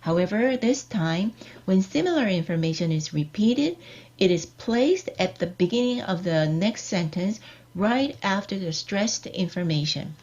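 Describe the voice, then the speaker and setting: A woman giving a scripted online lecture, reading out example sentences in a measured, deliberate way. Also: medium pitch, expressive, darkish tone. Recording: dull lo-fi recording.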